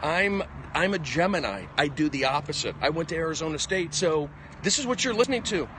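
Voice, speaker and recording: A male comedian ranting in a rambling live stream monologue, combative, with jumpy pitch, recorded on a phone outdoors on a city walk. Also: lively intonation, brisk, noisy background. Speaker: comedian livestreaming. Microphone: phone at arm's length.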